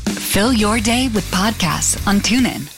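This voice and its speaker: A woman reading an app promo in a friendly, even manner. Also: medium pitch, unhurried, music in the background. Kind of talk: scripted ad voice-over.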